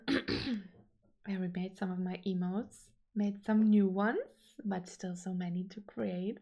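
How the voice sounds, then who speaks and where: A woman's voice: mid-range voice, little pitch movement, takes it slowly, mellow. A young woman streaming her drawing, chatting casually and gushing as she reads chat aloud. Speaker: art streamer.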